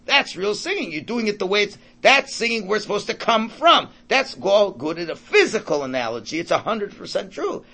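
A man teaches an informal Torah class, his voice pitched high and swinging widely. He talks conversationally, repeating words while thinking aloud and mixing in Hebrew and Yiddish terms. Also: very animated, brisk, vocal fry, hardly any pauses, pushed and bright.

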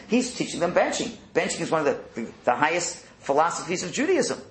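A man teaches a Torah class with a lively, animated delivery and keeps throwing rhetorical questions at his listeners. His voice sits a little high and bounces through a wide range. The room adds a noticeable echo. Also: a little fast, few pauses. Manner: animated, asks rhetorical questions, acts out quotes. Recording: roomy echo.

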